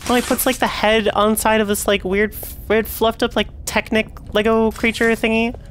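A young woman streaming a horror game, chatting to her viewers and swearing and yelling when the game frustrates her. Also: fairly high pitch, flat delivery, moderate pace, a little hiss or hum. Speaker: VTuber streamer. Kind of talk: casual gameplay commentary.

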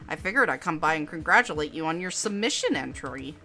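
A woman's voice: sits low, lively intonation, a little fast, sharp tone, faint music behind, exaggerated voice. A woman reading the lines of a preachy, condescending male student who lectures and scolds in a game. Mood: scolding.

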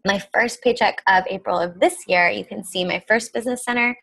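A young woman speaks on a team call, candid and encouraging as she urges listeners not to quit. Her voice has a gravelly fry to it. The sound is dry and close. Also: medium pitch, fairly quick, bright, forceful tone, dry recording, poor audio. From United States. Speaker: guest speaker.

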